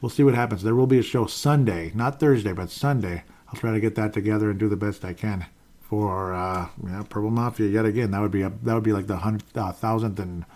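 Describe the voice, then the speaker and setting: A man's voice: on the low side, steady tone, brisk, a little mellow. A man hosting a casual solo sports podcast, rambling along with frequent fillers and restarts. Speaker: podcast host.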